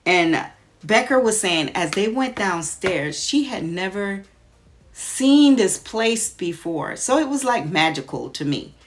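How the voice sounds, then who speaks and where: A woman's voice: medium pitch, big pitch swings, slow. A woman vlogger chatting casually, retelling a story while doing her makeup.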